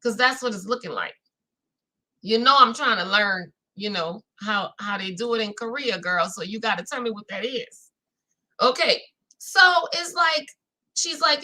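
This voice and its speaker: A woman with a New Orleans accent hosts a chatty live recap with a bright, forceful voice that sits a little high. She is animated and talks straight to her viewers, reading out their chat comments as she goes. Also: a little slow, rough recording. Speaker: reality-show recap host.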